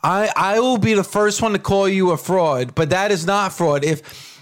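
A man's voice: sits high, moderate pace. Emphatic man on sports talk radio. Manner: emphatic, repeats points for effect. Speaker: radio co-host.

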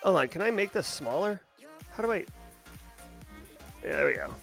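A man hosting a live stream, casually chatting and giving energetic, playful shout-outs to viewers. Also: sits high, moderate pace, gravelly, faint music behind. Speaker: livestream host.

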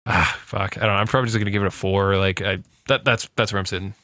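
A man co-hosting a podcast in casual chat, relaxed and rambling, swearing often. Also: lowish voice, fast, no room sound, clean studio sound. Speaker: podcast co-host.

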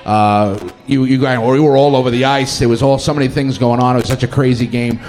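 Conversational male co-host, mid-pitched. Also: fairly even intonation, brisk, darkish tone. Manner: stumbling, conversational questions. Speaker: co-host interviewer. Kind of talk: live interview.

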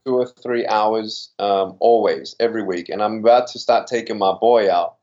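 A man's voice: fairly low pitch, normal speed, a little mellow, muffled recording. A man with a slightly Americanized Australian accent, speaking earnestly and with animation as an interview guest. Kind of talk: interview conversation.

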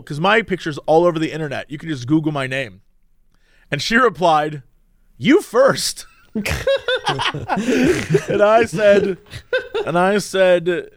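A man's voice: on the high side, unhurried, long pauses, no echo, studio quality. A man casually retelling an online chat, acting out the quoted messages and laughing often.

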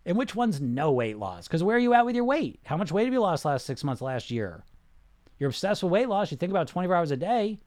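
A middle-aged man speaking in a fairly high voice, blunt and salty, peppering his listeners with rhetorical questions. His live podcast monologue comes across dry and close to the microphone, with no room sound around it. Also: big pitch swings, quick pace, a little mellow, dry recording. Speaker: weight loss coach.

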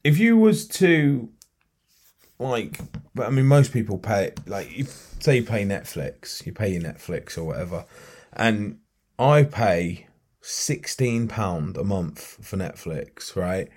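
A man's voice: lowish voice, sing-song, slow, darkish tone, slightly rough. A man co-hosting a podcast, rambling and restarting as he talks. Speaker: podcast co-host. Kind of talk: casual chat.

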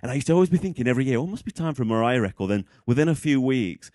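A man from England, a guest in a casual interview, talking in an excitable, rambling way and often losing his train of thought. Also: medium pitch, rapid-fire, dry recording, clean studio sound.

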